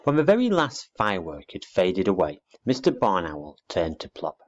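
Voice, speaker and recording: A man narrating a children's storybook aloud in an expressive read-aloud manner, dull lo-fi recording. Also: deep voice, normal speed.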